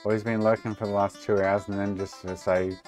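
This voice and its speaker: A man's voice: lowish voice, little pitch movement, fairly quick, a little mellow, soft background music. An Australian man chatting casually and sarcastically with viewers on a live stream, swearing freely. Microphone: desk microphone.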